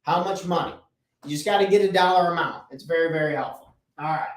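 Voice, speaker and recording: High-voiced man coaching from a distance. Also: fast. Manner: energetic, repeats key phrases for emphasis. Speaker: business coach and podcast host. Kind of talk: motivational talk at a chalkboard. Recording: roomy echo, voice off-mic.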